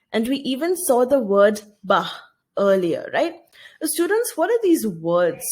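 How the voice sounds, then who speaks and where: A woman teacher with a fairly high, husky, darkish voice gives a recorded video lesson. She reads a story aloud, explains it, and often poses questions to her students.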